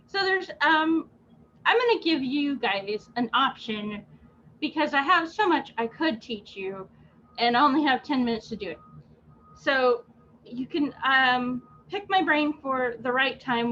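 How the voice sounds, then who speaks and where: A woman gives brisk, practical writing advice in a high voice. Her video call audio sounds dull, with a faint hiss underneath. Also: a bit bright. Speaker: writing coach panelist. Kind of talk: informal teaching talk.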